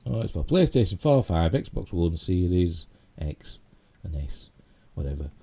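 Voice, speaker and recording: A man's voice: deep voice, sing-song, unhurried, mellow, husky. A middle-aged man with a Yorkshire accent, hosting a casual live stream and rambling chattily with self-mocking asides. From Yorkshire, England. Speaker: YouTube host.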